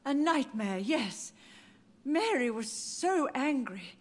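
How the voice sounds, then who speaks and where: A woman's voice: sits high, big pitch swings, slow pace, exaggerated voice. A woman voicing an elderly, confused mother who mourns her dead children, in game dialogue with a dreamy, wandering delivery that drifts into whispers. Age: older. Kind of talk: video game voice acting.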